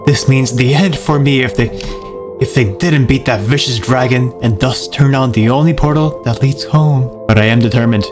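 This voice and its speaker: A man's voice: mid-range voice, normal speed. A man doing a voice-over as a mock detective, with a dramatic, over-the-top noir delivery. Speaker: narrator. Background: music.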